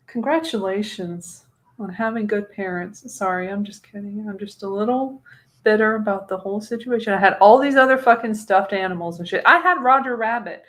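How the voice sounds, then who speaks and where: A woman's voice: mid-range voice, fairly bright tone. A woman in her thirties co-hosting a casual chat, rambling through stories, laughing often and swearing freely. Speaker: co-host.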